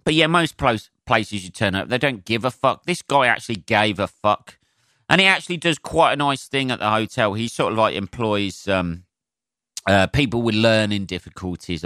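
A comedian rambles through his solo podcast, swearing freely and filling gaps with ums. His voice is bright and sharp, smooth and clear, and it sits close to the mic with a dry sound. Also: lowish voice, moderate pace, dry recording. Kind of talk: casual solo podcast monologue.

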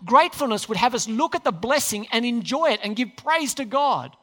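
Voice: mid-range voice, sing-song, a little fast, fairly bright tone. A preacher giving a sermon, telling a story with rhetorical questions and acted-out quotes. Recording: long hall reverb.

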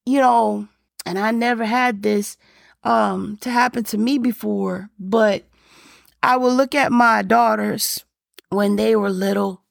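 Woman, middle-aged, faith testimony, gravelly, higher voice, dry close sound, earnest, rambling. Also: no room sound. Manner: earnest, rambling, full of fillers. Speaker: speaker sharing faith testimony.

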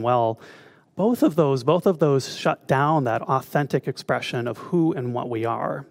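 A man's voice: medium pitch, lively intonation, measured pace, no echo. A man giving a conversational spiritual talk as a minister, often putting questions to his listeners. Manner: conversational, asks the audience questions.

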